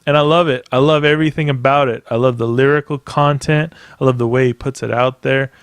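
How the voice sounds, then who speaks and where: A man's voice: mid-range voice, fairly even intonation, a little fast, smooth, no room sound. A man hosting a podcast by himself, ranting in a casual, rambling way with plenty of profanity and emphatic asides. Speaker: podcast host. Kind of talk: casual solo podcast rant.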